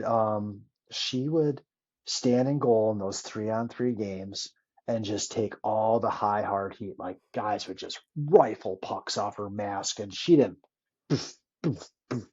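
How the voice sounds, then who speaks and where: Speaking slowly in a lowish, husky voice, a former hockey player tells stories during a casual interview. He gets animated and swears freely while acting out old quotes, all captured on lo-fi audio.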